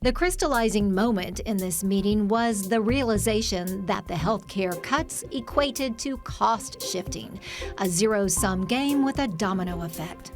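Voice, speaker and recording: A woman's voice: mid-range voice, a little slow. Woman reading a news report over music. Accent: American. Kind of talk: scripted news narration.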